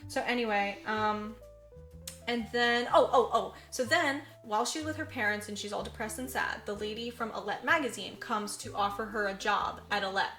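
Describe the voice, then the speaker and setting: Bright-voiced woman recapping a movie. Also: medium pitch, moderate pace, roomy sound, soft background music. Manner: animated storyteller, acts out quotes, says "like" a lot. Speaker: podcast co-host. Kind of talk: casual chat recapping a movie.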